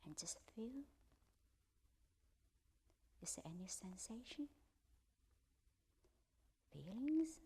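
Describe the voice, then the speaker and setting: A woman leading a guided meditation in a soft, gentle voice that often drops to a half-whisper, with simple, repetitive instructions. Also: fairly high pitch, big pitch swings, drawn-out words, pauses often, slight background noise. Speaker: meditation teacher.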